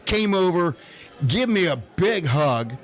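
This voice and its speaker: A man's voice: high-pitched, big pitch swings, takes it slowly. A man hosting a radio show in casual chat. He tells rambling stories with many restarts. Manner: rambling storyteller, restarts often. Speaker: radio host.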